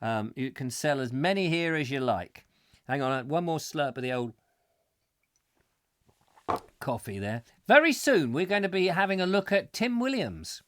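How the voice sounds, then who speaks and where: A man's voice: a little high, very animated, a little slow, pauses often. Playful man hosting a comic live stream. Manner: rambling, playful, mock-macabre asides. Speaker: host. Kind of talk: comic live-stream chat, reading viewer comments.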